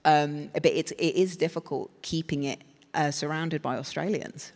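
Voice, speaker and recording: An English woman talks on a festival stage, her voice gravelly with fry. She wanders through her answers thoughtfully, full of fillers and restarts. The sound carries the long reverb of a large hall. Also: low-pitched, fairly even intonation, normal speed, darkish tone. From England. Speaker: guest actress. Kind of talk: live panel conversation. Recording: reverberant hall from a live event.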